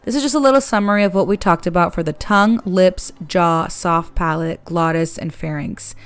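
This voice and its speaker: A woman giving a calm, measured lesson as an accent coach, explaining sounds step by step. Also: on the low side, clean tone, soft background music.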